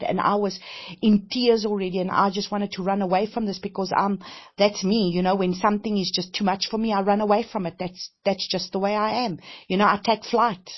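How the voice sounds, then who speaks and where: A woman preaches in a middle-pitched voice, sharing her own struggles in a heartfelt, chatty way. She circles back on her phrases and leans on "you know" as she goes. The recording sounds dull and lo-fi. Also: steady tone, brisk. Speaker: minister. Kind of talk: testimony-style sermon.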